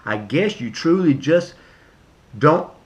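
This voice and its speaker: A man's voice: animated, takes it slowly, dull audio. A middle-aged American man ranting directly at the president in a casual, impassioned way, often repeating himself and restarting phrases. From United States. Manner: impassioned, repetitive, restarts, swings from low mutter to high outbursts. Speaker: vlogger addressing the president. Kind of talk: casual spoken rant.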